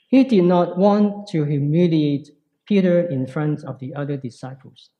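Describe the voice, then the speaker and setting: A man preaching a sermon in a slow, reflective way with pauses. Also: on the high side, mellow, poor audio.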